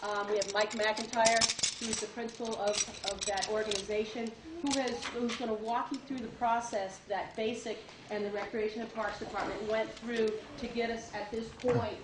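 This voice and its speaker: A woman's voice: fairly high pitch, flat delivery, normal speed, hardly any pauses. A woman who works as a town parks director, introducing a speaker at a public meeting in a hesitant way with many fillers. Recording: echoey, distant, noisy meeting room.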